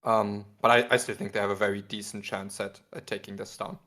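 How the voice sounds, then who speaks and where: A man's voice: fairly low pitch, flat delivery, a little fast, a bit bright. A man co-hosting a casual card-game stream, talking with many ums and repeated words. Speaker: co-host guest. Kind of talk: casual livestream chat.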